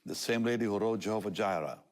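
An older man speaking as a talk show guest, telling a personal testimony in an animated way, often laughing and acting out what others said. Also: fairly low pitch, quick pace.

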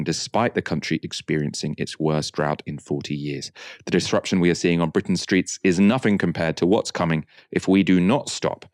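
Low-voiced host guy, calm questions, dead dry sound. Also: no room sound. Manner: measured, reads quotes aloud, asks long questions. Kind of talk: political discussion show.

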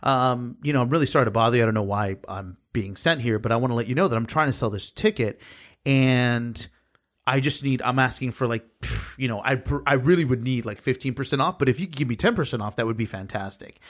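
A former service advisor, guesting on a podcast, casually tells a story about that job, acting out the quoted dialogue with plenty of energy and swearing casually. He's animated, with a mid-range voice and a slightly fast pace.

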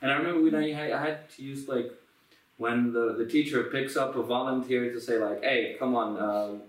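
A man from Israel with a Yemenite Israeli accent, talking as an interview guest in a halting way, with many restarts. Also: mid-range voice, steady tone, echoey room, far from the mic, low-quality recording. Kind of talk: casual interview.

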